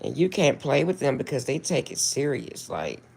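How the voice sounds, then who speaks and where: An older woman hosting a casual livestream from her phone, telling stories in a chatty, animated way. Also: very deep voice, creaky, slightly rough. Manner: chatty, animated storytelling, drawn-out asides. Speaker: livestream host.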